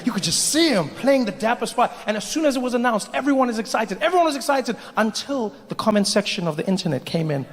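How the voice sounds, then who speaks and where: A male stand-up comedian telling an animated, playful story to a live audience on a large theater stage. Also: high voice, quick pace, few pauses, big-room sound, noisy background. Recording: live theater, crowd laughter.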